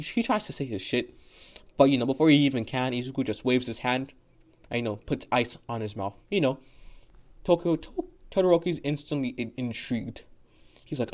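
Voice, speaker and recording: A man's voice: medium pitch, darkish tone. Rambling, profane male storyteller. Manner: rambling, profane, full of fillers and restarts. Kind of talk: casual rambling fan-story narration. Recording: dull lo-fi audio.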